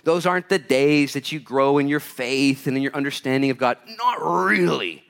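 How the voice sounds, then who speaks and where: A man's voice: mid-range voice, brisk, clean tone. Emphatic male pastor preaching a sermon. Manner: emphatic, swings between loud urgent bursts and hushed quiet lines.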